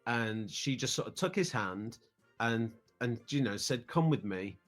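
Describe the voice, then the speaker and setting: A man's voice: mid-range voice, animated, unhurried, fairly bright tone, faint music behind. A British man in his thirties, a podcast guest telling a family trip story in a casual, rambling way, often repeating words as he starts sentences. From United Kingdom.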